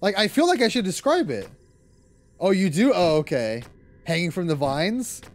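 A man's voice: high voice, big pitch swings, normal speed, slight background noise. A young man streaming a game, chatting casually, reading chat aloud, laughing often and swearing freely. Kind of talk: casual live-stream chat while gaming.

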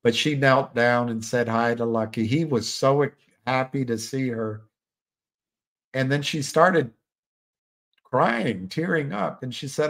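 A man's voice: medium pitch, slow pace, gravelly, fairly bright tone. An older man hosting a live stream, chatting casually and rambling with frequent restarts. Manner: rambling, musing, many restarts. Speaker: livestream host.

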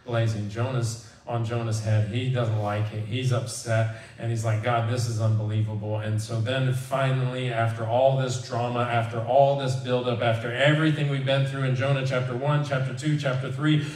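A man preaching a conversational sermon as pastor, animated and acting out the people he quotes. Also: mid-range voice, moderate pace, hardly any pauses. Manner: animated, acts out quoted voices. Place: church sanctuary. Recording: echoey church hall from far off.

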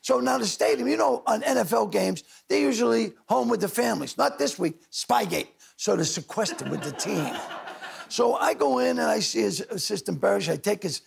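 An older man, a talk show guest telling loud rapid anecdotes and acting out other people's lines. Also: high-pitched, gravelly, breathy edge. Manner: loud rapid storyteller, doing voices of others. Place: TV studio with audience.

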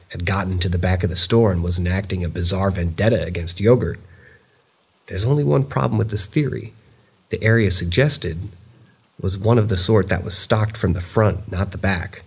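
A man reading first-person horror stories in a measured, steady storytelling delivery. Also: low voice, breathy edge. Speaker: narrator of viewer-submitted stories.

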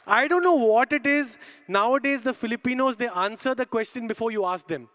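A man doing an animated stand-up comedy set on a live stage, hyping the crowd and acting out little scenes. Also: very high-pitched, a little fast.

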